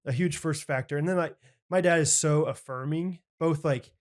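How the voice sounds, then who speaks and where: A man's voice: fairly high pitch, normal speed. A young man co-hosting a podcast, telling a story in an earnest, rambling way with lots of filler words. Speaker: podcast co-host. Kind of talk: casual chat.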